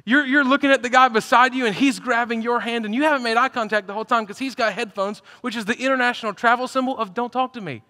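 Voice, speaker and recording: Bright, high-pitched preacher in a reverberant hall. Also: male voice, fast, few pauses. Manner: energetic, animated storytelling, builds to loud emphatic peaks. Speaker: pastor. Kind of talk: sermon with humorous stories. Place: church hall, live congregation.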